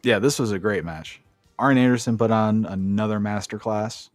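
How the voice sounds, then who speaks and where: Speaking at a moderate pace in a fairly low register, this man co-hosts a podcast where he walks through wrestling matches blow by blow, loose, foul-mouthed and excited. There's no echo, just faint music underneath.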